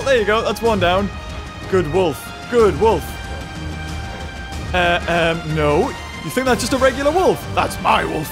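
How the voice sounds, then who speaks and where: A young man commentating a game playthrough, excitable and laughing often. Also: sits high, unhurried. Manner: laughs often, cheers at the screen. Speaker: gaming video host. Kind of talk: excitable let's-play commentary. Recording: commentary over game music.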